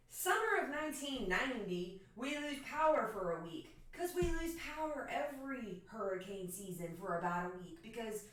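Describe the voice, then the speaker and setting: A woman's voice: fairly high pitch, a bit bright. A woman in her thirties from Florida, telling a profane, joking story casually to her stream chat. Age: 30s. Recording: echoey room, far from mic.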